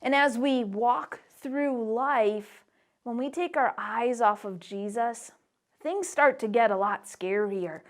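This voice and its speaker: A woman teaching a children's Bible lesson in a church, animated and playful as she tells the story to the kids. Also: a little high, slow.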